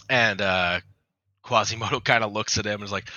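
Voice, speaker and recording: A man's voice: on the low side, a little fast, sharp tone, no echo, highs cut off. A man co-hosting a podcast, telling a long joke in a rambling, casual way with restarts and swearing. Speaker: podcast co-host.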